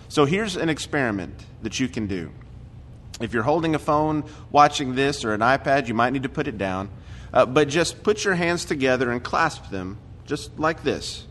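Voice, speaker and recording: A man's voice: medium pitch, a bit bright, a little hiss or hum. A man preaching a conversational sermon in a church, talking casually with frequent fillers. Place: church sanctuary. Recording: recorded church sermon with hall reverb.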